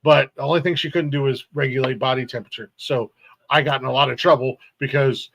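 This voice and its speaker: A middle-aged man on a casual podcast, his gravelly voice recorded dry and close. He stops and restarts often, filling the gaps with "uh" and "like". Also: mid-range voice, steady tone, fairly bright tone, dry recording, rough recording. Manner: rambling, halting with many fillers. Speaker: podcast co-host.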